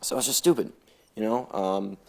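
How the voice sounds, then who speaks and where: Speaking at normal speed in a lowish, creaky voice, a young man offers relaxed, meandering commentary over a game, packed with filler words. Game gunfire is loud behind him, and there's slight background noise.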